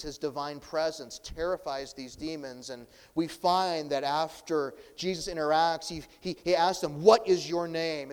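A pastor delivering a sermon, preaching with swelling, dramatic emphasis. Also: male voice, fairly high pitch, clear, resonant tone, in a large hall.

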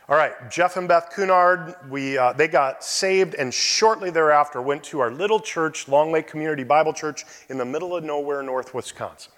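A male pastor preaching a sermon, expressive, often dropping to quiet asides. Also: a little high, normal speed. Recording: long hall reverb.

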